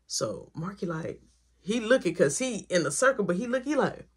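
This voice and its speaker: A woman telling a personal story in a storytime vlog, animated and acting out every voice. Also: fairly low pitch, normal speed, breathy edge.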